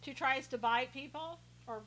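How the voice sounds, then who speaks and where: A woman's voice: sits high, moderate pace, fairly bright tone, slight background noise, low-quality recording. A woman hosting a live stream, chatting casually and sarcastically as she reads out viewer comments, often laughing.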